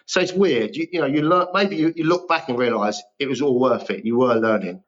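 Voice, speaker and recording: A man's voice: mid-range voice, a little fast, highs cut off. A man, an actor guest talking casually and self-deprecatingly on a podcast. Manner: chatty, self-deprecating storyteller.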